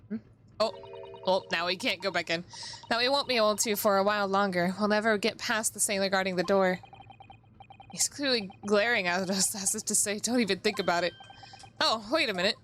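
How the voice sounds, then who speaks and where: A woman's voice: medium pitch, normal speed, pauses often, fairly bright tone, a little hiss or hum. A woman streaming a video game, chatting casually with her viewers, giggling, and reading the game's lines aloud in playful voices. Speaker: VTuber streamer.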